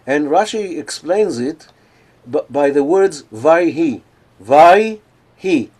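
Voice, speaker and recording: A man delivering a lecture at an unhurried pace, his voice sitting a little high for a man. He talks through each point and then breaks into slow, drawn-out chanting of scripture verses to show how they are sung. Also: lively intonation, darkish tone. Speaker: lecturer on cantillation. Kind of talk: conference lecture with chanted examples.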